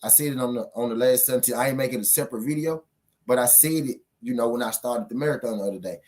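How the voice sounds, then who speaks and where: A man talks through boxing news as a vlog host, pressing each point again and again. His voice sits at an ordinary middle pitch. He swears freely and speaks bluntly. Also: fast, a little mellow. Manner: emphatic, profane, repeats himself for effect. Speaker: boxing commentator. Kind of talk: casual commentary vlog.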